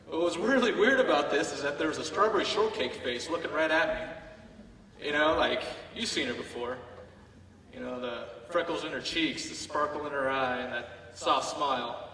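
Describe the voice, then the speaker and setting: Bright-voiced man telling a comic story in a hall. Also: on the high side, normal speed, distant mic. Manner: playful, comic storytelling with acted-out asides. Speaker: military veteran telling his story on stage. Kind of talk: staged personal storytelling. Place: theater stage, heard from the audience.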